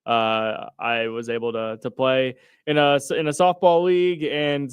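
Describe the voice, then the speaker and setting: A young man co-hosting a sports radio show, talking earnestly and halting with frequent restarts, with an American accent. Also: mid-range voice, little pitch movement, clean tone, no echo, lo-fi sound. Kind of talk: casual sports talk radio.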